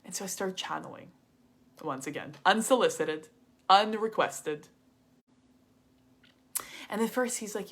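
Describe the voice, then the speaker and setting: A woman's voice: mid-range voice, expressive, measured pace, pauses often, a bit bright. A young adult woman coach telling a frank, confessional story in a masterclass, loose and chatty with lots of "like". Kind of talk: candid storytelling monologue.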